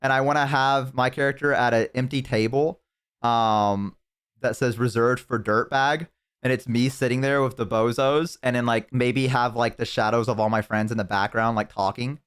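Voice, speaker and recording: A young man chatting casually on a live stream, telling stories and reading chat, swearing freely and jumping into loud excited bursts. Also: mid-range voice, normal speed, clean tone.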